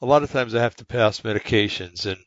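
Rambling low-voiced man in his sixties. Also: fast, fairly bright tone, no echo. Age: 60s. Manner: rambling, many fillers and restarts. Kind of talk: casual monologue. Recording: dull lo-fi dry sound.

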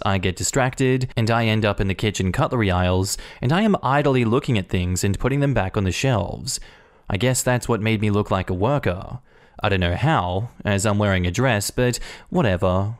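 A man narrating online stories aloud in an even, conversational reading manner. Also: fairly low pitch. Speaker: story narrator.

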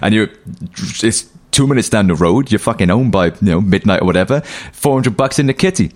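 A man hosting a podcast, telling animated anecdotes and swearing freely. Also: fairly low pitch, brisk. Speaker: podcast host. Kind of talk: casual podcast chat.

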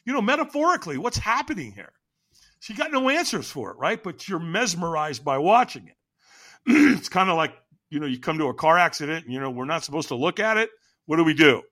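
A man's voice: fairly high pitch, sing-song, fairly quick, sharp tone. A middle-aged man telling a story as a podcast guest, dramatic, acting out quoted lines with big jumps in his voice. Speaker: podcast guest, firewalk instructor. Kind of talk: animated storytelling.

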